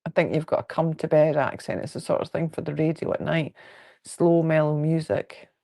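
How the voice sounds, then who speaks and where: Gravelly-voiced Scottish woman chatting. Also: low voice, fairly even intonation, moderate pace, dark tone. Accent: Scottish, Fife. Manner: chatty, rambling, frank and jokey. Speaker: quilting livestream host. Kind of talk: casual livestream chat, answering viewer comments. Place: at home indoors.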